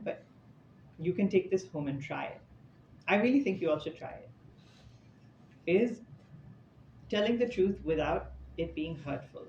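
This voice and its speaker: His voice is a little high and a little mellow as this man gives a casual scripture talk to an audience in an indoor room. He shares stories chattily, with casual asides along the way. Faint noise sits under an echoey, slightly dull recording.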